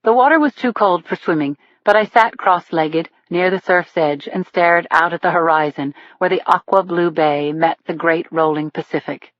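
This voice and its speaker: A woman narrating a thriller audiobook in the first person, in a steady storytelling manner. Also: lowish voice, moderate pace, hardly any pauses, no room sound. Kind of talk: scripted narration. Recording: dull lo-fi dry recording.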